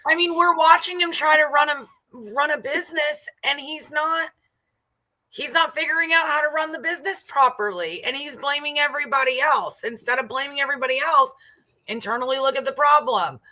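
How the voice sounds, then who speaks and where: A woman's voice: high voice, a little fast, sharp tone, rough recording. A woman co-hosting a sports podcast in casual chat, arguing her point earnestly with frequent restarts. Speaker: podcast co-host.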